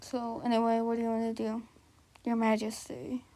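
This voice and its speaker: A woman doing casual improvised fan role-play, flustered and giggly, stammering and dropping into breathy whispers. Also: on the high side, completely flat delivery, moderate pace, dark tone.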